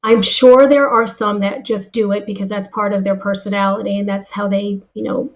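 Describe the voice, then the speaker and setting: A woman telling anecdotes and giving advice as a guest in a casual interview, with lively delivery and frequent restarts. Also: mid-range voice, normal speed, highs cut off. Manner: animated storyteller, frequent restarts. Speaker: guest, former insurance seller.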